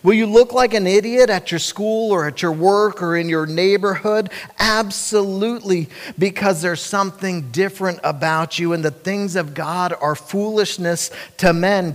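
A man's voice: high voice, in a large hall. A male pastor preaching a sermon, speaking emphatically and directly to the congregation.

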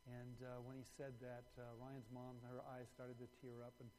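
A man preaching a sermon, telling a story with animated swings between loud emphasis and hushed moments. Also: mid-range voice, moderate pace, big-room sound, slight background noise, poor audio. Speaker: pastor.

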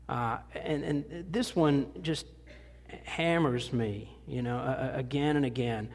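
A man's voice: a little high, animated, unhurried. A middle-aged man, a pastor preaching a conversational sermon in a church. He talks in a folksy, self-deprecating way and often restarts his sentences. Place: church sanctuary. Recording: long hall reverb.

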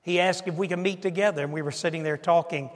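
A man's voice: on the high side, steady tone, quick pace, in a large hall. A male pastor preaching a sermon, stressing his points and asking the congregation rhetorical questions.

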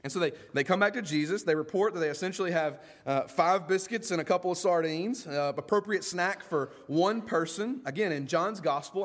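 A man gives a sermon as pastor, animated and down-to-earth, often imitating the voices of those in his narrative. His voice is a little high.

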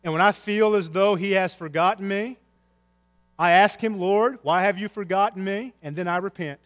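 A man preaching a sermon as pastor, swinging between soft, low lines and loud, raised cries. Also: moderate pace, big-room sound. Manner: impassioned preaching with big swings in pitch and loudness.

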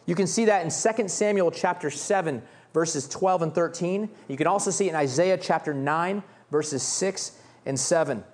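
A man preaching a sermon as pastor, reading scripture and acting out the beggar's cries with animated delivery. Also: fairly high pitch, normal speed.

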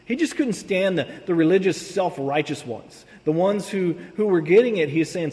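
A man's voice: high voice, moderate pace, hardly any pauses. Guy preaching, reading scripture with loose chatty asides, lots of hall echo. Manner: conversational, animated asides. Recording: long hall reverb.

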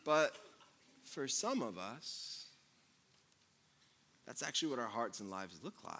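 A man preaching a sermon as pastor, mixing loud jokes with quiet, earnest passages. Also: medium pitch, very animated, takes it slowly.

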